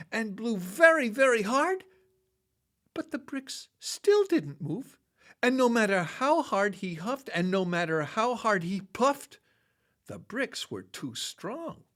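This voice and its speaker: An unhurried storyteller reads a children's tale aloud, taking each phrase slowly. The pitch swings widely to act out the action words, and the delivery stays expressive throughout.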